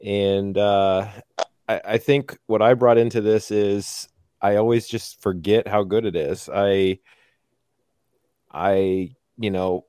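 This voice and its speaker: A man's voice: on the low side, a little mellow, no echo, studio quality. A man co-hosting a podcast, talking in a rambling, hesitant way with plenty of fillers. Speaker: podcast co-host. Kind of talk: casual podcast chat.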